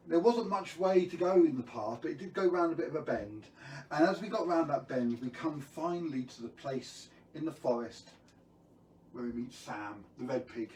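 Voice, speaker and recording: A man's voice: on the high side, reverberant, recorded from a distance, a little hiss or hum, poor audio. A man telling a children's story on a live stream, playful and jokey, who keeps quizzing his viewers.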